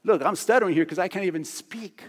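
A panicked Moses stumbles over his words, insisting he is the wrong man for the job, as a preacher acts him out. The voice sits a little high and carries a long church-hall reverb. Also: fast. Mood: pleading. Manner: stammering, protesting. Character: anxious Moses, a man pleading he is unfit.

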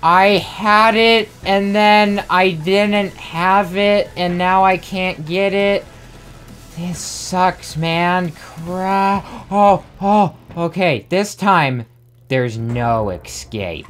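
A young man giving frustrated, self-mocking let's play commentary as a gamer, with excitable outbursts. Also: high voice, takes it slowly, clean tone. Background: faint game music.

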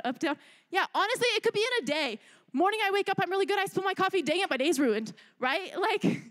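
Lively young woman giving a youth sermon. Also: high voice. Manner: animated, chatty, asks "right?" a lot. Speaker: youth speaker.

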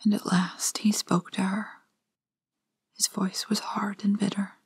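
A woman gently reading a classic fairytale aloud as a bedtime story in a whispered role-play. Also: medium pitch, flat delivery, a little slow, slightly rough, no echo.

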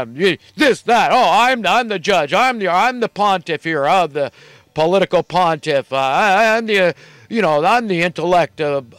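A man's voice: fairly high pitch, a bit bright, clean tone, no echo. A man putting on the voice of a pompous, self-righteous male politician to mock him. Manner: mocking, haughty, raised voice.

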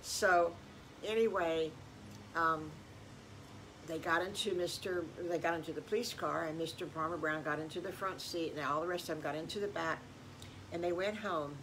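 A woman's voice: deep voice, fairly even intonation, moderate pace, noisy background. An older woman improvising a bedtime story for children, rambling with folksy exclamations.

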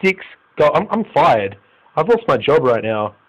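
A young man with an Australian accent giving live commentary on a football management game, swinging from low muttering to loud exclamations and swearing. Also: sing-song, unhurried, poor audio. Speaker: gaming YouTuber.

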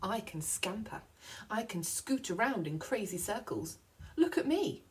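A woman's voice: medium pitch, sing-song, measured pace, darkish tone, breathy edge, heavily acted. A woman voicing a snappish, boastful male emu in a read-aloud picture book. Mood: snappy.

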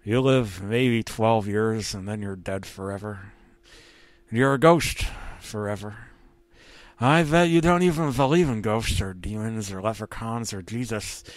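A man's voice: on the low side, unhurried, dry recording, close to an everyday voice. A man voicing the ghost of a male cartoon cat, talking in a gloomy, rambling way.

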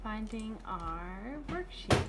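A woman teaching young children online, speaking in a slow sing-song way as she counts and praises. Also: mid-range voice, big pitch swings, very noisy. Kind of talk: online preschool lesson.

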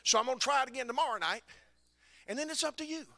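Gravelly preacher, folksy storytelling. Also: male voice, very high voice, quick pace, dry recording. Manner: folksy, dry humor building to shouting. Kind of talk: storytelling sermon.

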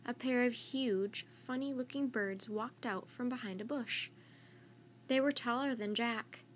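Woman reading a kids story aloud, steady and gentle, a bit high pitched, faint hum. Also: measured pace. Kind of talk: children's story read aloud.

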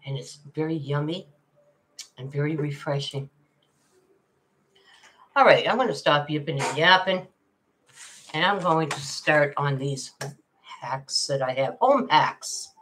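A slow, low-voiced older woman chatting. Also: a bit bright, slight background noise. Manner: chatty, laughs often, calls viewers darling. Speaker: livestream host. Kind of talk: casual livestream chat reading comments.

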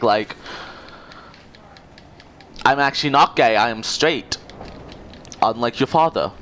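A man's voice: medium pitch, slow pace, long pauses, fairly bright tone. A young man trash-talking other players in online game voice chat, sarcastic, mocking and swearing. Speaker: gamer.

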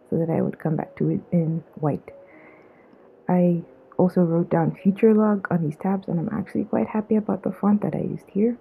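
Husky and lowish with vocal fry, a woman from Zambia narrates her vlog with a playful, self-deprecating tone. Her drawn-out slang asides come through a muffled mic that sounds like a phone.

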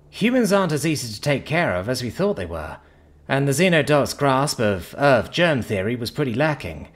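A man voicing a shaken, weary young human man. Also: medium pitch. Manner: shaky, strained.

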